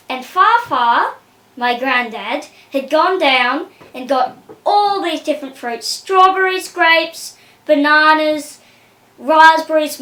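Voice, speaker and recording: A woman telling funny family stories in a chatty, unhurried way. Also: sits high, pushed and bright, reverberant. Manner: chatty, unhurried, acting out quotes. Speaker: family storyteller. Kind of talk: casual storytelling.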